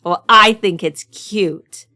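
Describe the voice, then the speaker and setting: A woman's voice: mid-range voice, slow, sharp tone. An American woman co-hosting a podcast in casual chat, giggly, enthusiastic and teasing. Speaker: podcast co-host.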